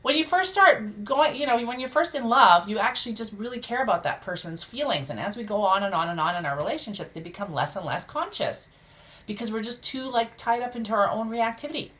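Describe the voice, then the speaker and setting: A woman reading tarot cards at home, chatty and expressive, exclaiming at what she turns over and speaking bluntly. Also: medium pitch, quick pace. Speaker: tarot reader. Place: home room during a move.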